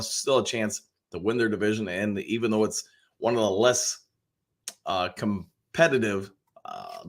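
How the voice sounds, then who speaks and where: A man's voice: on the low side, a bit bright. A man hosting a live football talk show, reading viewer comments and giving his take in a rambling, casual way with lots of restarts. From Detroit area. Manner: chatty, rambling with frequent restarts and fillers; greets viewers by name, upbeat.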